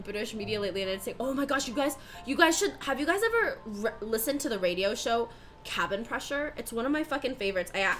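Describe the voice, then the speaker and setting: A young woman chatting casually on a live stream as she bakes, swearing and laughing often and sounding out words over and over. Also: medium pitch. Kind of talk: casual live-stream chat while baking.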